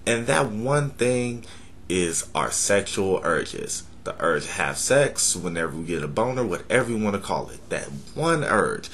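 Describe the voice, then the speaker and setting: A man's voice: sits low, big pitch swings, moderate pace, fairly bright tone, a little hiss or hum. A young man talking bluntly to camera in a profane, joking way. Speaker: vlogger. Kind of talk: casual talk to camera.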